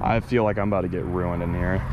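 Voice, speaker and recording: A young man hosting a fishing vlog outdoors, joking and excitable, shouting when a fish is on. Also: sits low, fast talker, very noisy. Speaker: fishing video host. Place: outdoors on the water.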